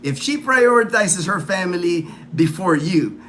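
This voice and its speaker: Pitched high and animated, this American man hosts a laid-back livestream chat at a slightly slow pace. His tone is fairly bright, he rambles, repeats himself, and leans on fillers, with faint background noise behind him.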